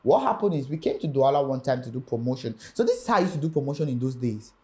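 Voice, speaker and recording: Brief: young male musician, lively interview storyteller who acts out the voices in his story. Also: mid-range voice, fast talker. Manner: animated storyteller acting out quoted voices. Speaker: music artist guest.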